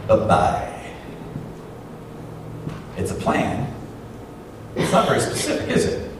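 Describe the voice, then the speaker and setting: A man gives a sermon as pastor, using rhetorical questions to talk with the congregation, speaking at a normal speed. His voice comes from far off in an echoey hall, with slight background noise.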